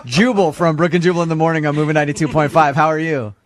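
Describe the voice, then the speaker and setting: A man's voice: a little high, steady tone, racing. A man hosting a morning radio show, teasing and playful as he banters and makes a prank call.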